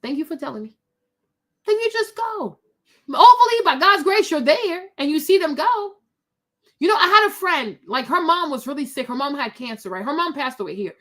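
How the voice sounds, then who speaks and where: This host, a middle-aged woman with a high-pitched voice, relates a personal anecdote to her audience. She keeps things lively and conversational, wandering into asides and swiftly circling back to address her viewers.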